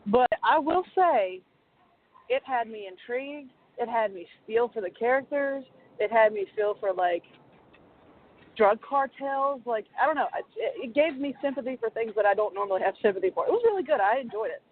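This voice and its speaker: A woman in her thirties, a podcast co-host, telling an animated, self-deprecating story in casual chat. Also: a little high, normal speed. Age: 30s. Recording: tinny phone line with faint hiss.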